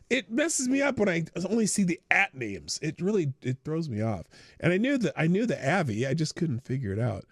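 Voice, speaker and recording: A man chats casually through his morning livestream, rambling and joking as he greets viewers. His voice is gravelly and swings up and down, and it sits fairly high for a man. A slight cough lingers, and the sound is close and dry. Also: fairly bright tone, no echo. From United States. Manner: rambling, joking, chatty with restarts. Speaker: host.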